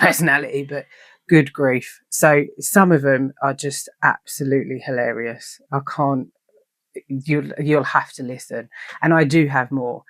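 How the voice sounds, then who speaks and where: A woman hosting a casual podcast, telling stories in an animated way, swearing freely and acting out quoted lines. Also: very deep voice, no echo. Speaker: podcast host.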